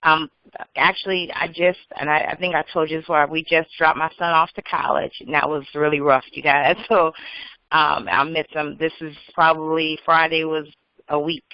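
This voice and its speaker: A woman's voice: low voice, little pitch movement, moderate pace, no room sound. A woman, a police officer speaking earnestly and emotionally as a guest in a remote interview. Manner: earnest, emotional, plain-spoken. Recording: muffled dry call audio.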